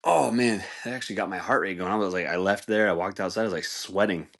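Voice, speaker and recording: A man with a very low voice hosts a podcast, telling stories in a loose, rambling way. He swears freely and leans on "like" and "dude" in nearly every sentence. When he quotes other people, his voice jumps far higher. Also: fast talker, vocal fry, a bit bright. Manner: laid-back, swears a lot, fills with "like" and "dude". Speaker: podcast host. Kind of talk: casual storytelling monologue.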